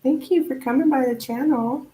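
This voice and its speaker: A woman hosting a live tarot reading stream, chatting casually with viewers in an animated, upbeat way. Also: high-pitched, normal speed. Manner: chatty, animated, laughs often, thanks viewers warmly. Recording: roomy echo.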